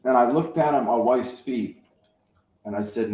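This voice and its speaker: Male, 50s, channel host: dark, mellow voice, loose rambling chat, roomy echo. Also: mid-range voice, moderate pace. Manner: rambling, anecdotal storytelling. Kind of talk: casual chat. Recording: echoey room.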